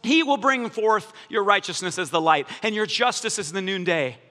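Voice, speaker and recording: A man, a pastor, preaching a sermon in a church, animated and jokey with strong emphasis. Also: high voice, moderate pace. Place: church hall. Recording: echoey church hall.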